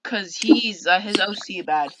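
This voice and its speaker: A co-host chats casually over a voice call. The speech is halting and full of pauses. Sentences trail off into mumbles. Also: mid-range voice, over a noisy crowd. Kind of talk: casual online chat.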